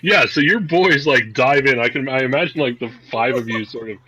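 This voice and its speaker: A man's voice: mid-range voice, a little fast, sharp tone, breathy edge. A man narrating as game master of a tabletop game, in a loose, rambling way full of "like" and "um". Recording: dull, lo-fi podcast audio.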